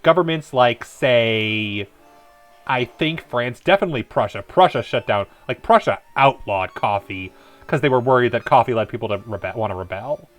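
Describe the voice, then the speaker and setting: A man's voice: mid-range voice, normal speed, a bit bright, soft background music. Rambling man streaming a game. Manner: rambling, enthusiastic about history. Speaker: let's-play streamer. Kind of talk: casual gameplay commentary.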